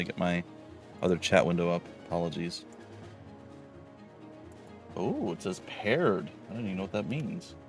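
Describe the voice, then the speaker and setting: A man streaming a game live, chatting casually and rambling with many fillers as he plays. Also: low voice. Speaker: let's play streamer.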